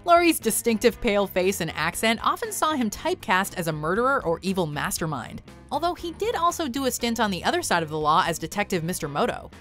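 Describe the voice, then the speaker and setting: A woman's voice: mid-range voice, a little fast, hardly any pauses, soft background music. Woman doing upbeat countdown narration, voice bounces around a lot. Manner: upbeat, lively list presenting. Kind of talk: scripted narration.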